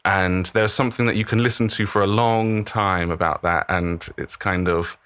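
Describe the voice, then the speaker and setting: A man's voice: low-pitched, steady tone, normal speed, a bit bright, clear, resonant tone, dry recording. A man hosting a podcast, introducing the show and chatting casually with his guest. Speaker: podcast host.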